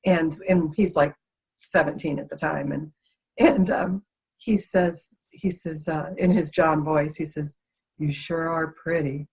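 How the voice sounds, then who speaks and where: A woman, an interview guest, telling stories in a lively, expressive way. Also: low voice, measured pace, gravelly, husky. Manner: animated, lively storyteller. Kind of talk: expressive storytelling. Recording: dull lo-fi sound.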